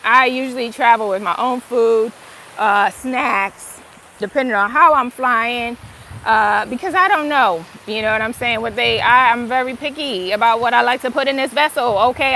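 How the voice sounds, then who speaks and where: A woman's voice: a little high, a bit bright, a little hiss or hum. A middle-aged woman giving a casual, emphatic motivational talk about gratitude, swearing freely and stretching her words for stress. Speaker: spiritual motivational speaker.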